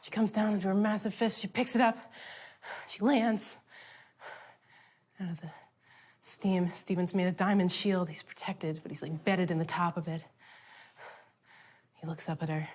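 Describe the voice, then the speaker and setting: A woman pitching a storyboard, acting out scenes in a quick, playful way. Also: fairly even intonation, a little mellow.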